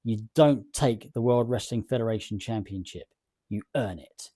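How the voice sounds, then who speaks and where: A man's voice: lowish voice, normal speed, warm tone, breathy edge, dry recording, studio quality. A man reading as a stern wrestling champion. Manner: firm, scolding. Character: stern male wrestling champion answering a challenger.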